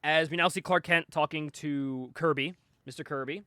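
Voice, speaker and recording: A man's voice: a little high, fairly even intonation, normal speed, sharp tone, clear, resonant tone, dry recording, studio quality. A man casually recapping a comic book, acting out the characters' lines and laughing often. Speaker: podcast host.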